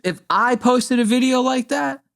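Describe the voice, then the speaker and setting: A man co-hosting a podcast in casual chat, laughing often and doing quick voiced impressions of people from clips. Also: very high-pitched, gravelly. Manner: laughing, animated, profane storytelling with voiced impressions. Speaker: podcast co-host.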